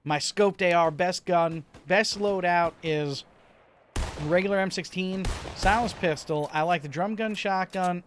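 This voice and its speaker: A man giving relaxed, rambling commentary over his own gameplay, a little stuffy from a slight cold. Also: a little high, noisy background. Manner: laid-back, rambling, chuckles to himself. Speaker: gaming video host.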